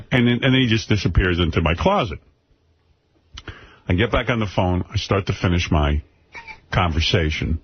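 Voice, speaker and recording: Animated, profane man telling a story. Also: lowish voice, moderate pace, long pauses. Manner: animated, profane, yells quoted lines. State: end of a cold. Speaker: radio host telling a story. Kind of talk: casual storytelling on talk radio. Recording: dull radio broadcast with faint noise.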